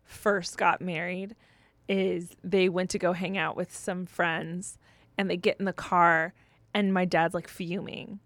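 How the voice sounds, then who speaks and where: A woman in her twenties co-hosting a podcast, telling stories in a lively, casual way. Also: fairly low pitch, measured pace, no room sound. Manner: animated storyteller, laughs easily. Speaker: podcast co-host. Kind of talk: casual chat.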